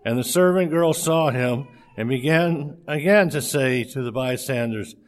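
A man reading a scripture passage aloud in a steady, measured way, with a few slips. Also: medium pitch.

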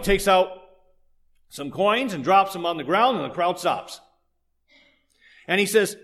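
A man preaching a sermon, telling stories in an animated way and joking with the congregation. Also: sits high, a little slow, pauses often. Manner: animated storytelling with jokes to the congregation. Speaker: pastor.

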